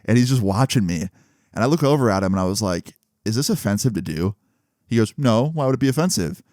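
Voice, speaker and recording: A man's voice: on the low side, lively intonation, quick pace, darkish tone, dry recording, clean studio sound. A young man casually telling a story in a laid-back, slangy way, chuckling now and then.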